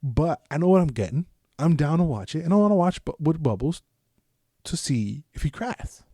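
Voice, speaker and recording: A man's voice: fairly high pitch, lively intonation, moderate pace, dark tone, no room sound, clean studio sound. A man from the United States hosting a solo podcast, talking in a loose, rambling, profane way with lots of restarts. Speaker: podcast host. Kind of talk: solo casual podcast chat.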